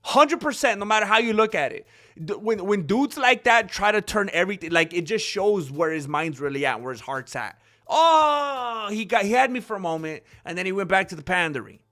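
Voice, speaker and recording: A man's voice: sits high, animated, a little fast, bright, forceful tone. A man hosting an MMA commentary vlog, sarcastic and opinionated, acting out both sides of an argument. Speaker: MMA commentary channel host.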